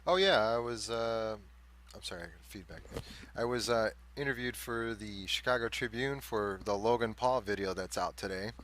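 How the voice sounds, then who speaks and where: A man's voice: on the low side, normal speed, fairly bright tone, a little hiss or hum. A man on an online group call, speaking in a hesitant, fumbling way. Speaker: guest on a call. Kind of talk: casual group chat.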